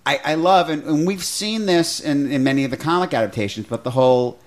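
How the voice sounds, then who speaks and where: A man's voice: fairly high pitch, a little fast. A middle-aged man co-hosting a podcast, talking in an enthusiastic, rambling way with many restarts. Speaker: podcast co-host. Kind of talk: casual chat.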